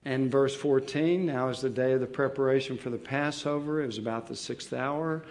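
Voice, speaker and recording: A man preaching an expository sermon, slow and deliberate, pausing with fillers and restarting his phrases as he explains a Bible passage. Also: mid-range voice, steady tone, darkish tone.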